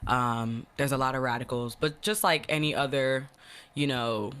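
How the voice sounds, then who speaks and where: A woman in her twenties with a deep, low voice, chatting casually as a podcast guest and using lots of fillers. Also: normal speed, clean tone. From born in the US, early years in Ghana, raised in New Jersey. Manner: relaxed, filler-heavy, often says "like" and "you know what I'm saying". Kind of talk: casual conversation.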